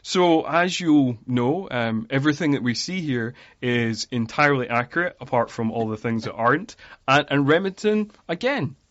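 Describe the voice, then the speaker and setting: A man's voice: medium pitch, lively intonation, normal speed, a bit bright, no echo. Rambling man on a podcast, lo-fi. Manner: rambling with many fillers and laughs. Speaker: podcast co-host. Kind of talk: casual podcast chat about a film. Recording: dry, dull lo-fi audio.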